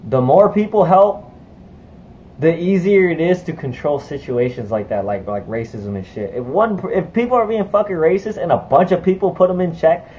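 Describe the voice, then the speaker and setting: A man's voice: on the high side, lively intonation, dark tone, a little hiss or hum, rough recording. A young man heatedly recounting a fight in a casual vlog, full of profanity and fillers. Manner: heated, profane, rapid retelling with many fillers. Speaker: vlogger. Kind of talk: casual storytelling to camera.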